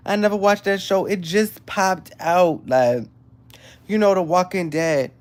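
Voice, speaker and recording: A woman, hosting a casual livestream and chatting excitedly with viewers. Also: fairly low pitch, takes it slowly. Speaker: livestream host.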